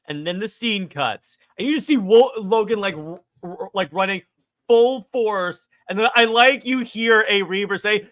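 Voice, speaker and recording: A man co-hosting a casual movie discussion, excitedly retelling scenes with lots of stumbling restarts. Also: high voice, measured pace. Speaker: podcast co-host.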